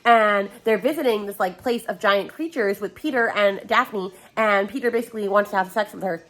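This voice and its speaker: A young woman vlogging about her reading, exasperated and animated as she mocks lines from a book. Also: mid-range voice, moderate pace. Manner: exasperated, animated, mocking quotes. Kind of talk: casual reading vlog rant. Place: home hallway.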